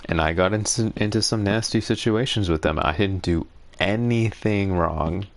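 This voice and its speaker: A man with a very low, gravelly voice tells a story while playing a game. He rambles, turns sarcastic and indignant, and breaks into laughs now and then. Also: normal speed, a little hiss or hum. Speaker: gaming streamer.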